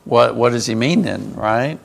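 A man teaching a small Bible class in a relaxed, conversational manner. His voice has a gravelly, rough texture, and he keeps pausing to ask the group questions. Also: mid-range voice.

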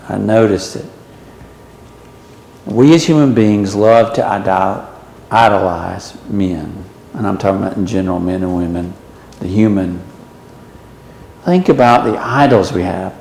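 A man preaching a sermon, swinging from loud emphatic questions to low, quiet warnings. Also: measured pace, creaky, long pauses, roomy sound, long reverb tail, slight background noise, rough recording.

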